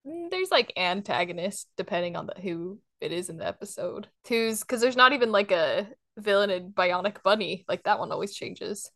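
A woman's voice: medium pitch, lively intonation, a bit bright, no room sound, clean studio sound. A young woman hosting a podcast, chatting casually and laughing often. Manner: giggly, chatty, quick laughs. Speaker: podcast host.

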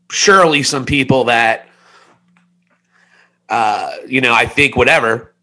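Animated man in his forties, storytelling. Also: medium pitch. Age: 40s. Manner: emotional, confessional storytelling, swears freely. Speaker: podcast host. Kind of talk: casual podcast chat.

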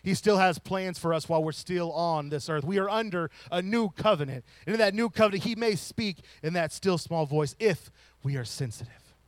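Male preacher, sermon, slightly high voice, dry close sound, loud-to-hushed swings. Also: normal speed, dry recording. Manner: swings between loud emphatic lines and soft hushed ones; drops to a whisper to show a still small voice.

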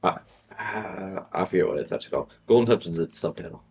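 A man's voice: low voice, expressive, fast, creaky, husky. A young man chiming in on a podcast with short, dry remarks. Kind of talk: casual podcast banter. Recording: dull lo-fi sound.

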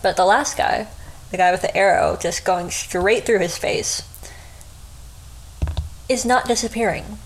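A woman's voice: mid-range voice, a little slow, long pauses, low-quality recording. A woman retelling a story in a casual, chatty way, often breaking into giggles. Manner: giggly, chatty, frequent laughs.

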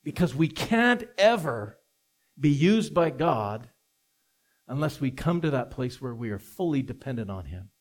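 A man preaching a sermon as pastor, earnest and deliberate, stressing key words as he reads scripture. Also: mid-range voice, big pitch swings. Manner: earnest, slow and deliberate with emphatic rises. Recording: mains hum.

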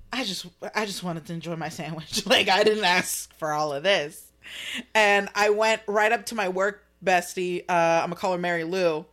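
A woman's voice: mid-range voice, a bit bright. Sassy young woman chatting on a podcast. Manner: blunt, sassy, quick to chime in. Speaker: podcast co-host. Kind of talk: casual chat.

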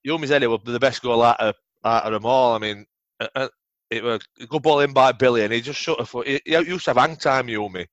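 Swearing Yorkshire ex-footballer, dry muffled sound. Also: male voice, medium pitch, fast talker, fairly bright tone, no echo. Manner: swears freely, rambling anecdotes. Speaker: podcast guest, former footballer. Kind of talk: casual storytelling interview.

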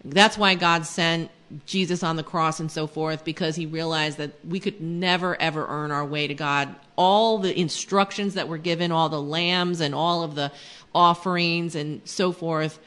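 Woman, low voice, earnest podcast teaching, conversational. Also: steady tone, normal speed, a bit bright, clear, resonant tone. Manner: earnest, conversational, with many fillers. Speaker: podcast host.

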